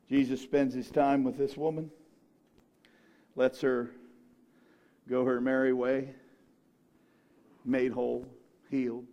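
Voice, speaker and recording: Brief: male preacher, storytelling sermon, slow, rises to shouts. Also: medium pitch, highs cut off. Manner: animated storytelling, swings from quiet to shouting. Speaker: pastor.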